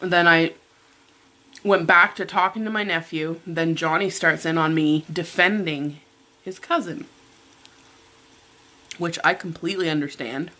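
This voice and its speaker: A woman's voice: fairly low pitch, measured pace, pauses often. A middle-aged woman vlogger telling a story over breakfast in a casual chat, acting out what she said. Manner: animated retelling, acting out her own quoted lines. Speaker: mukbang vlogger.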